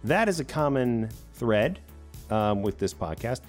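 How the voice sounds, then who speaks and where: A man's voice: on the low side, expressive, unhurried, darkish tone, soft background music. A man co-hosting a podcast in rambling, conversational chat, sometimes mimicking other people. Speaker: podcast co-host.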